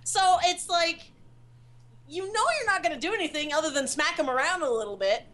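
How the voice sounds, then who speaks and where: A woman co-hosting a podcast, chatting casually and animatedly, acting out quotes. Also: extremely high pitch. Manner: animated, quick asides and acted-out quotes. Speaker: podcast co-host. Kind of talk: casual chat.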